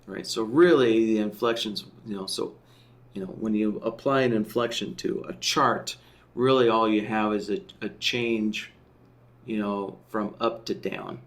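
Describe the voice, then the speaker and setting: A man teaching a software tool in a screen-share tutorial, explaining step by step and often checking in with "right?" while he thinks aloud. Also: on the low side, steady tone, unhurried. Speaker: software trainer.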